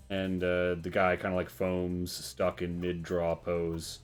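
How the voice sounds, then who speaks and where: A man's voice: deep voice, completely flat delivery, slow, hardly any pauses, smooth, faint music behind. A man narrating as game master, rambling with many fillers.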